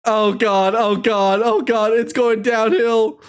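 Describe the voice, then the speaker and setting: A woman's voice: a little high, fairly even intonation, slow. A young woman reading an AI-written story aloud, reacting with giggly, shrieking exclamations. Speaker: streamer.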